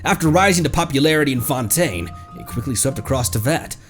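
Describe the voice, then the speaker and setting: Quick bad impression: a man putting on a stiff formal knight, read like a newscaster, lively pitch. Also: soft background music, lightly acted. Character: mock formal knight reading a drink description.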